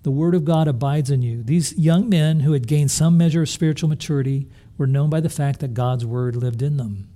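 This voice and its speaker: Mellow-voiced man preaching a sermon. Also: on the high side, a little fast, few pauses. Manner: earnest, with rhetorical questions to the congregation; restarts and repeats words while thinking aloud. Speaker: pastor.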